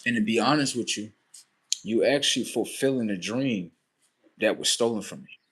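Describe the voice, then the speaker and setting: A man hosting a livestream, telling a comic story in a profane, animated way and acting out the scenes. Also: on the low side, normal speed, slightly rough. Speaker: livestream host. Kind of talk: comedic storytelling monologue.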